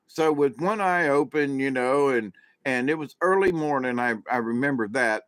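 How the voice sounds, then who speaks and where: A man's voice: mid-range voice, normal speed, fairly bright tone, no room sound. A man hosting his own spiritual channel, telling a story in a loose, rambling way with restarts and asides to his viewers. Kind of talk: casual storytelling monologue.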